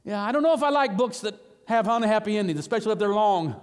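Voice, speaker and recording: A man preaching a sermon as pastor, animated and emphatic, with sudden rises in pitch on key words. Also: fast talker, few pauses, clear, resonant tone. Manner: animated preaching, rising to high emphatic bursts. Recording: long hall reverb.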